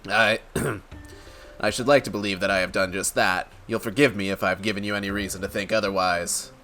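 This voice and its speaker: A man's voice: on the low side, steady tone, a little fast, pushed and bright, pitched below the performer's own voice. Give me a man playing a formal, earnest young scholar.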